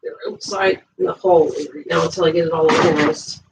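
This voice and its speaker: A woman's voice: low-pitched, steady tone, a little fast, gravelly, heavy background noise. An older woman hosting a crafting livestream, chatting in a rambling way and talking to viewers in the chat. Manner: sweet greetings to viewers in a lifted voice.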